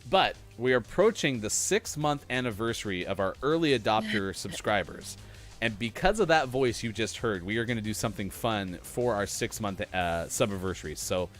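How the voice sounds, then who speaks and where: An upbeat man co-hosts a live gaming morning show and rattles off player standings. His pitch climbs and dips all over the place. Faint music plays underneath. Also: expressive, fairly quick, few pauses, a bit bright. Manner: upbeat announcer reading scores. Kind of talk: live-stream game commentary.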